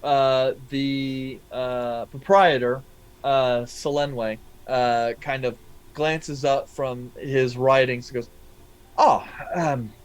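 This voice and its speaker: A man narrating a tabletop game as game master, pausing often with ums and uhs. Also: mid-range voice, little pitch movement, clear, resonant tone, poor audio. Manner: hesitant, many ums and uhs.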